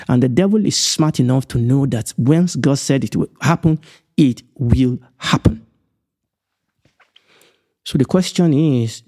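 Emphatic man teaching the Bible, mellow voice. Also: medium pitch. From Nigeria. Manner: measured and emphatic, repeating key phrases, slowing on big points. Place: indoors, recorded for an online broadcast.

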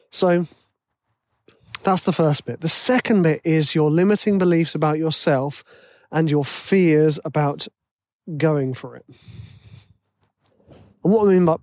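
A chatty man with a slightly high voice talks through his advice in a loose, self-deprecating way. He sounds close to the microphone in a dry space with no echo. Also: a little mellow. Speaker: music composer giving advice. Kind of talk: casual solo monologue.

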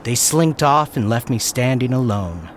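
A man telling a first-person story with a lively, wry delivery. His pitch rises and falls a lot as he narrates. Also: a little slow, background noise.

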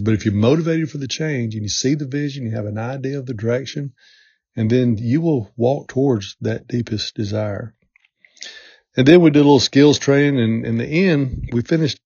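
A man's voice: mid-range voice, darkish tone, breathy edge, no echo. A middle-aged man hosting a motivational podcast, talking in an earnest, repetitive coaching way. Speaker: podcast host. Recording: dull lo-fi sound.

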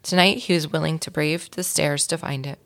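A woman with a low, gravelly voice reads a children's chapter book aloud. She tells it expressively, as a guest reader for young listeners. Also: fairly even intonation, moderate pace, a bit bright.

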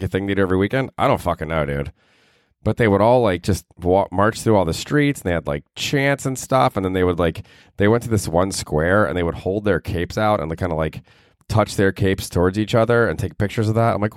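A man's voice: fairly low pitch, expressive, brisk, no room sound, studio quality. A young man hosting a podcast, telling stories in a casual, self-mocking way, laughing often and swearing a lot. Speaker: podcast host. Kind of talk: casual storytelling monologue.

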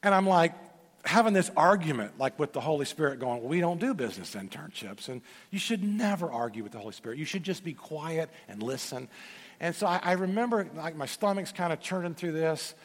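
A middle-aged man preaches in a large church sanctuary, his fairly high voice carrying a long reverb through the room. He tells folksy stories with joking asides and often restarts or repeats words as he builds toward a point. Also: animated, brisk. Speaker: pastor. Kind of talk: sermon.

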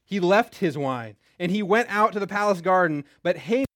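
A young man with a high voice walks listeners through a Bible story. He talks casually and keeps checking in with "right?". The sound is close and dry. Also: animated, moderate pace, a bit bright, no room sound. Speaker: Bible teacher. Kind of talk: lively Bible lesson.

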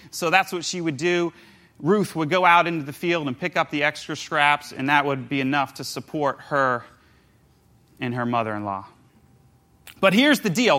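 A man preaching a casual sermon, retelling a story in an animated, jokey way and briefly acting out the people in it. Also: high-pitched.

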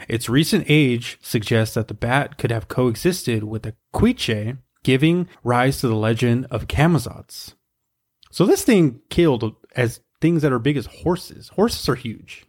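A man co-hosting a podcast, reading research aloud in a steady way with wry asides. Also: medium pitch, a little slow. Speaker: podcast co-host.

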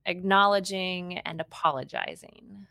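A woman's voice: lowish voice, measured pace, creaky, sharp tone, dry recording, clean studio sound. A woman hosting a parenting podcast, explaining steps one by one in an encouraging, instructive way. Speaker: parenting podcast host and educator.

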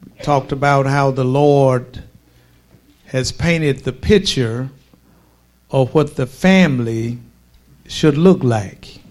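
A male preacher delivering a sermon at a deliberately slow pace. He stretches his phrases and pauses between them for weight. His voice sits at an ordinary middle pitch and he makes forceful, emphatic declarations.

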